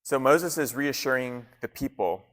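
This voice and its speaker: A man preaching a sermon as pastor in a relaxed, conversational way with casual slang. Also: mid-range voice, moderate pace, in a large hall. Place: church gathering in an arts center.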